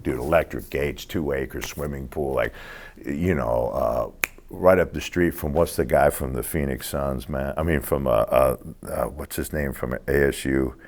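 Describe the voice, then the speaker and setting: A man in his sixties with an extremely low voice sits for an interview and tells his story like he's at the bar. He swears freely and casually, and he acts out the people he talks about. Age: 60s. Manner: profane, streetwise. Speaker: interview guest.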